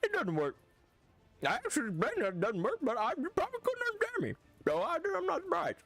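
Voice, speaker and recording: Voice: high voice, huge pitch swings, fast talker, fairly bright tone, no room sound, pitched above the performer's own voice, exaggerated voice. A streamer putting on a goofy mock Swedish cook character, talking through puffed lips in a babbling comic accent that is hard to understand.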